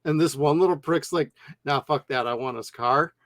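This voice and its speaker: Man, casual movie review chat, profane, blunt, slightly high voice, dry sound. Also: moderate pace, no echo. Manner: blunt, profane, animated storytelling. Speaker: movie review podcast co-host.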